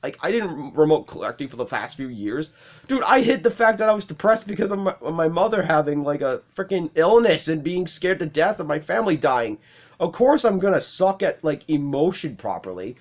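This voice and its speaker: A man's voice: a little high, sing-song, fairly quick. A young man hosting a let's play, casually telling rambling stories with lots of swearing and laughter. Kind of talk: casual storytelling over gameplay.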